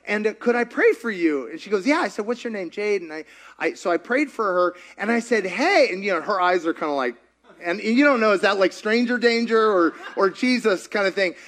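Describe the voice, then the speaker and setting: A man preaching a sermon, telling a story in an animated, chatty way and laughing often. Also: high voice, fairly quick. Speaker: pastor.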